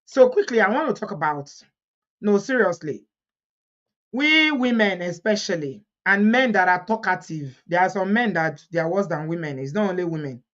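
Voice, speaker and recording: Nigerian woman vlogger, animated gossip commentary, frequent laughter, lo-fi sound. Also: fairly low pitch, moderate pace. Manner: animated, laughs often, reads comments aloud.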